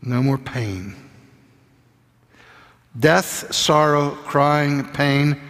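An older man preaching a sermon, telling stories intimately and sometimes dropping to a soft whisper. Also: a little high, very slow, big-room sound.

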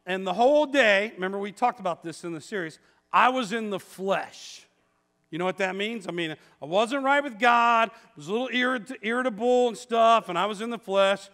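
A man in his fifties preaches in a church with a high, bright voice. He tells stories in a chatty, self-mocking way. The sound rings with a long hall reverb. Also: normal speed. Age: 50s. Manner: storytelling, conversational and self-mocking. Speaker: pastor. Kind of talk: sermon. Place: church sanctuary.

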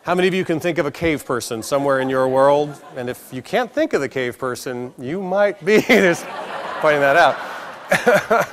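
A middle-aged American man giving a conference keynote, telling stories in a lively way and acting out the people in them. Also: mid-range voice. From United States. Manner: animated storyteller, acts out voices, laughs along. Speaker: keynote speaker. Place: conference hall stage.

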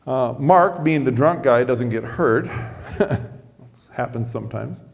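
A man's voice: mid-range voice, slow, vocal fry. Middle-aged pastor guy telling a story in church, chatty, lots of "and, and", long echo in the hall. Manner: chatty, repeats words when starting lines. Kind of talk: storytelling sermon. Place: church sanctuary.

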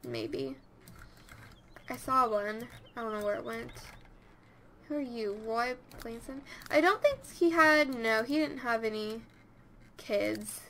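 A woman giving casual let's-play commentary, chatty and easily excited, talking straight to her game characters. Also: fairly high pitch, takes it slowly, long pauses, a little hiss or hum. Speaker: gameplay commentator.

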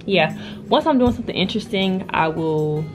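A woman's voice: fairly low pitch, lively intonation, moderate pace. A young woman talking casually to her camera at home, slangy and chatty, often breaking off mid-thought. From United States. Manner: chatty, slangy, self-interrupting. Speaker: vlogger. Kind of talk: casual vlog chat. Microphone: camera or phone mic. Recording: music playing behind.

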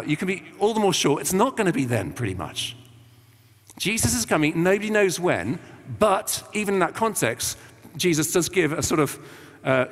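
Male preacher, English, casual and animated, lively pitch; church reverb. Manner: chatty and colloquial, acting out quotes with slang. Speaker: visiting preacher. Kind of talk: informal sermon.

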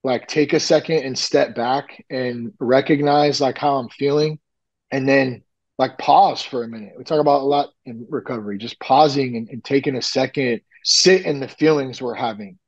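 A man talking candidly as a podcast guest, rambling with lots of fillers and lively retellings. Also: mid-range voice, moderate pace, lo-fi sound. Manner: rambling, frequent "like" and "you know", animated retellings. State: nearly ten years sober. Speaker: podcast guest, recovery coach. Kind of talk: candid conversational storytelling.

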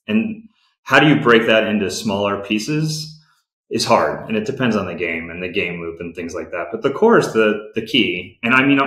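A man's voice: low voice, a bit bright, echoey room, poor audio. A man who runs a game company, answering interview questions in a candid, practical way and often restarting his sentences.

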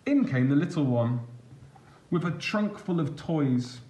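Guy reading a kids book out loud, slow and gentle, kinda higher voice. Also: animated, reverberant, slight background noise. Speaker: storyteller. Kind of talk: reading a picture book aloud.

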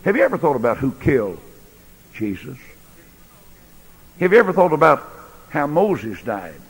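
A man preaching a sermon in a large church, folksy, swinging between loud bursts and quiet asides. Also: fairly high pitch, big pitch swings, moderate pace, breathy edge. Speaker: pastor. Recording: echoey church hall recording.

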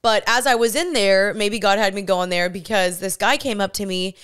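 Speaking a little fast, a bubbly twenty-something podcaster chats through her solo show, laughing frequently. Her voice is mid-range, fairly bright, and clean, recorded on a studio podcast mic seen on camera.

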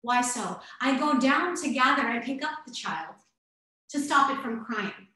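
A woman's voice: high-pitched, expressive. Woman guiding a dance lesson in a very echoey room. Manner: slow guiding narration in first person, warm coaching asides. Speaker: dance instructor. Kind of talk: guided movement lesson.

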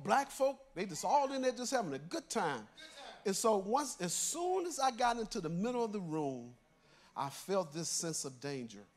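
Older male elder, high-pitched for a man, relaxed conversational sermon storyteller. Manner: conversational, storytelling, chuckles through lines. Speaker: church elder preaching. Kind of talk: sermon told as a personal story.

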